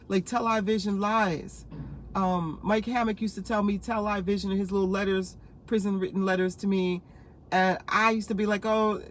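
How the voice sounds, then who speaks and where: A woman in her fifties from New Jersey, telling rambling stories to camera in a casual vlog, laughing often with lively asides. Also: medium pitch. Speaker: vlogger.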